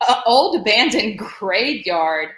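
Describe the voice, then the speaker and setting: A woman in her forties with a Southern accent co-hosts a live stream from an echoey room. Her medium-pitched voice is a bit bright and sing-song, slow-paced, and she rambles and laughs often.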